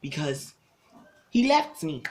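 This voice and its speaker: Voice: mid-range voice, big pitch swings, takes it slowly, noisy background. A young adult vlogger telling a personal storytime to camera, with dramatic, emphatic delivery, loose casual phrasing and lots of repetition.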